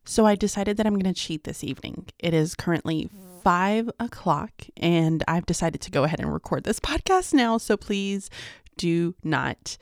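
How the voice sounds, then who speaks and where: A woman's voice: lowish voice, expressive, moderate pace, no room sound, studio quality. A woman in her thirties chatting casually and upbeat in a daily vlog, talking straight to her viewers. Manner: chatty, upbeat, laughs between thoughts. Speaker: vlogger and mother.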